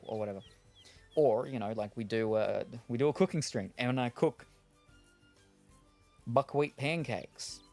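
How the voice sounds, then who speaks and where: A man's voice: lowish voice, creaky, darkish tone. A man streaming a game, chatting casually and thinking aloud, with lots of fillers and restarts. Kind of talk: casual chat while gaming.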